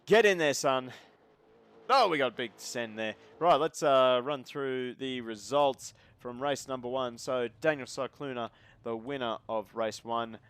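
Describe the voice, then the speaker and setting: A man's voice: mid-range voice, measured pace, fairly bright tone, smooth. Chatty man on race commentary. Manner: chatty, joking, talks to chat. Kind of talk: casual live sim racing commentary.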